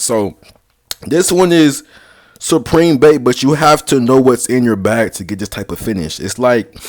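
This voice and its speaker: A young man rambling casually through dating advice, slangy and sarcastic, full of basketball lingo. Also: medium pitch. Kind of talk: casual vlog talk.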